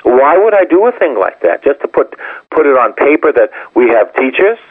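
Gravelly man preaching over tinny radio. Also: mid-range voice, big pitch swings, moderate pace, dry recording. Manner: emphatic, repetitive preaching, rising to exclaim. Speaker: parish priest. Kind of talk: sermon. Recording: tinny phone-like radio broadcast.

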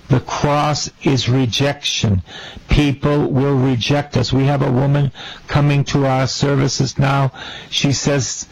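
A man's voice: medium pitch, flat delivery, unhurried, gravelly, darkish tone, husky, poor audio. A man preaching a sermon as a priest, fervent and repeating his phrases for emphasis.

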